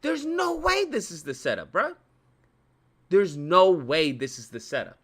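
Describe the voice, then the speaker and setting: Man, bright tense voice, lively swings in pitch, profane ranting commentary. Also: unhurried. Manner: animated, profane, repeats his points for emphasis. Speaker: YouTube commentator.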